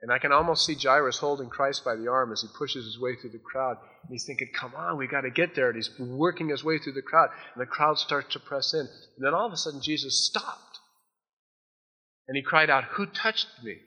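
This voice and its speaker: A man preaching a sermon, retelling Bible stories in a casual, animated way and acting out the characters' lines. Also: medium pitch, fairly quick, breathy edge. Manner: storytelling, acts out the voices of Bible figures. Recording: long hall reverb.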